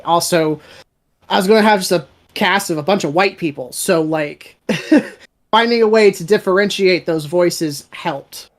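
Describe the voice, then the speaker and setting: An audio drama creator talking casually about their casting choices, rambling and often restarting sentences. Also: mid-range voice. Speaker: audio drama writer and director. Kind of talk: casual chat.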